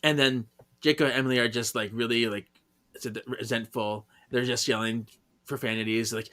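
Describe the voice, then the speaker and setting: A man co-hosting a podcast, recapping a story in casual chat, giggling often and acting out the characters' lines in quick high voices. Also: fairly even intonation, fairly bright tone. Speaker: podcast co-host.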